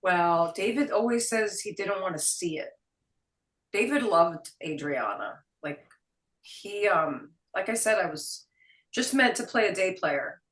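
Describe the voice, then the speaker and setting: A middle-aged woman from Queens with a New York accent, telling stories as an interview guest in an animated, salty way. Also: medium pitch, a little slow, distant mic. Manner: animated, quotes people in put-on voices, swears casually. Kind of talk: casual storytelling interview. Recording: roomy sound, voice a bit off mic.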